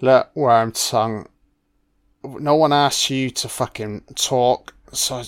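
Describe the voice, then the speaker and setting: A man talks through a film at an unhurried pace, his voice smooth and clear. He drops in relaxed, profane asides of admiration as scenes play. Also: mid-range voice. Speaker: film commentator. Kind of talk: casual film commentary.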